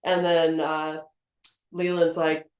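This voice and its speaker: A woman in a casual film discussion, retelling scenes in detail with animated quotes. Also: low-pitched, slow pace. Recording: roomy echo.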